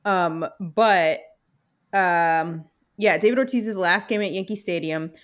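Chatty young woman, animated storyteller. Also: lowish voice, slow pace. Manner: animated storytelling, swears freely, many fillers. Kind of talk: casual chat.

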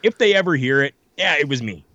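A man's voice: on the high side, fast talker, no room sound, highs cut off. A man telling stories in a casual chat, acting out the lines of people he quotes. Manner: animated storyteller, acts out quotes. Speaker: podcast guest telling stories.

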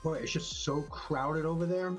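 A slightly high-voiced man playing a tabletop game over voice chat. He talks through his moves in a casual way and counts his numbers as he goes, with faint music behind. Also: moderate pace. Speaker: player.

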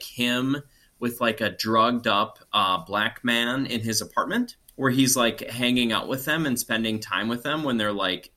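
A man's voice: on the low side, bright, forceful tone. A man co-hosting a podcast, chatting casually and bluntly with a laid-back "dude" manner. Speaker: podcast co-host. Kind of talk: casual chat.

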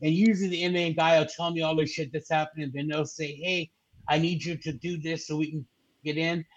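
Morning show co-host, a man with a high voice who tells crude, cheeky stories. Loose radio banter. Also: level tone, brisk, highs cut off. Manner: crude, mocking storyteller acting out scam calls. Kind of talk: casual chat.

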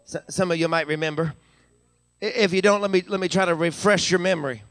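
A man's voice: high voice, steady tone, fast, a bit bright, no room sound. A man preaching a live church sermon as pastor, stammering repeats as he builds and calling out hallelujah. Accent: Western Pennsylvania. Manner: repeats words when building up, calls out hallelujah. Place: church sanctuary.

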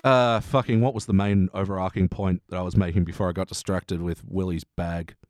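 A man's voice: sits low, fairly even intonation, brisk, darkish tone, no echo, studio quality. Laughing, rambling male podcast host. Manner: laughs often, loose and rambling. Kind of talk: casual chat.

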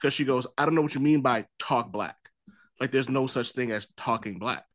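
A man's voice: mid-range voice, a little fast, dry recording. A man from Boston with a Boston accent, hosting a casual podcast and telling stories in a loose, rambling way with casual swearing. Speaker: podcast host.

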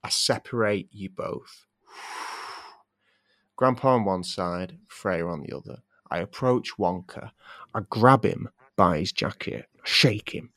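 A man co-hosting a podcast, improvising silly comic stories in a playful, animated way and often breaking into giggles. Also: lowish voice, slow, no room sound, clean studio sound. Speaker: podcast co-host.

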